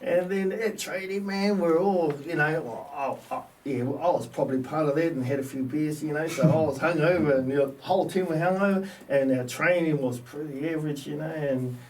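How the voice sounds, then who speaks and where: A New Zealand man in his fifties, a former rugby player, telling stories as a guest in a relaxed, slangy way. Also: a little high, normal speed, hardly any pauses. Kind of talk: casual storytelling. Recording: distant mic with faint background noise.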